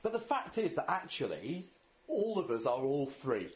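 Male preacher, slightly high voice, very animated, earnest sermon delivery. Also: normal speed. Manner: earnest, asks rhetorical questions. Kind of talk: sermon with scripture reading and prayer.

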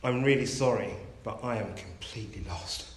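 A man's voice: on the low side, close to an everyday voice. A man voicing a flustered, lost airline captain, switching between cheery and anxious. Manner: brisk and cheery, then anxious. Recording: roomy echo.

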